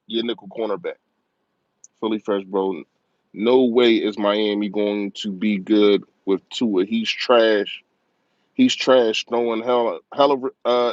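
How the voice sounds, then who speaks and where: A man's voice: medium pitch, dry recording, dull audio. A man hosting a live-stream sports show. He talks in a passionate, rambling rant, repeating his points for emphasis and speaking emotionally about his team. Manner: passionate, rapid, ranting fan talk with emphatic repetition. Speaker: live-stream football talk host.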